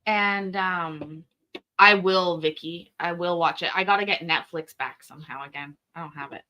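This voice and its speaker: A woman's voice: fairly low pitch, normal speed, bright, forceful tone. A woman born in Scotland, hosting a casual stream and rambling through answers to viewer comments with lots of fillers. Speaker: streamer host.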